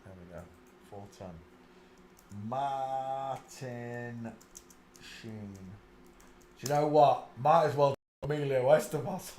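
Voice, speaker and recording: A man's voice: slow, pauses often, a little mellow, echoey room, slight background noise. A man hosting a live stream, rambling on and muttering asides to himself. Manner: breaks into high shrieking laughter.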